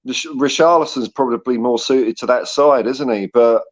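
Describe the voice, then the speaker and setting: A man's voice: mid-range voice, normal speed. A man giving blunt, rambling opinions as a guest pundit. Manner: rambling, blunt, many fillers. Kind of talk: casual chat. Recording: dull lo-fi call audio.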